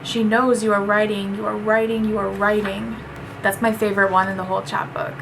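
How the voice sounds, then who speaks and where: A woman's voice: medium pitch, flat delivery, a little fast, creaky, background noise. A woman reviewing a poetry book, earnest and chatty, reading poems aloud between her remarks.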